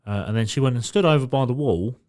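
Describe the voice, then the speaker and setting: A man's voice: mid-range voice, lively intonation, quick pace, a little mellow. A man co-hosting a podcast, telling a story in casual chat and swearing freely. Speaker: podcast co-host.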